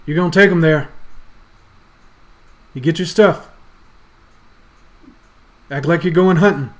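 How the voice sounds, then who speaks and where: A man's voice: fairly high pitch, slow pace, pitched above the performer's own voice. A man voicing an angry village father who bellows and scolds his son. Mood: furious.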